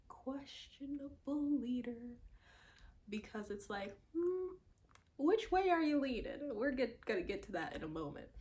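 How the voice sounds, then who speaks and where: A woman vlogger with a lowish voice reacts to a movie in a casual, emphatic way, repeating lines for effect and dropping into hushed asides.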